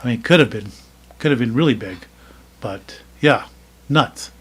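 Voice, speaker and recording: A man's voice: medium pitch, expressive, moderate pace, fairly bright tone, husky. An American man co-hosting a podcast, talking casually and opinionatedly, with many fillers and restarts. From United States. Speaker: podcast co-host. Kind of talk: casual chat.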